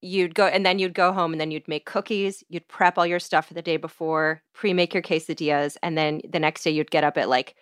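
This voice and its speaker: A woman's voice: low voice, steady tone, fairly quick, hardly any pauses, clear, resonant tone, no echo, clean studio sound. A woman guest on a podcast, chatting casually and telling stories with lots of filler words. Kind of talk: casual chat.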